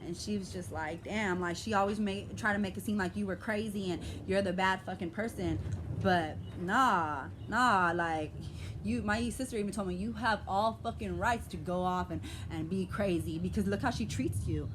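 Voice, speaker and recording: In this emotional rant, a young woman vlogs with an American urban vernacular accent, venting in a passionate, aggressive, profane way. Her mid-range voice comes with background noise.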